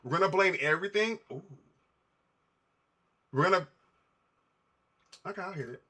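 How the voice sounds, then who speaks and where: A young man chatting casually with his live-stream viewers while he builds a model, talking to chat in an animated way. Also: high voice, moderate pace. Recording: faint music playlist behind.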